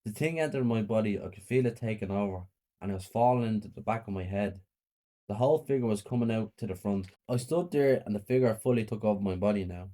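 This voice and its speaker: A man narrating a first-person horror story in a plain, flat reading. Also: on the low side, fast.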